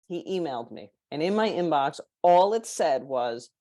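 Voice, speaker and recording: A woman's voice: sits low, a little slow, few pauses, dry recording. A woman guest on a podcast, telling anecdotes in casual chat and acting out the people she quotes. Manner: animated, acts out quoted people. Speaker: podcast guest, marketing consultant.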